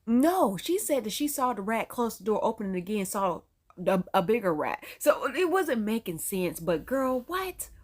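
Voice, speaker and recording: A woman's voice: mid-range voice, very animated, normal speed. A young adult woman hosting a reaction video, chatting in an exclamatory way straight to the viewer. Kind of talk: casual reaction commentary.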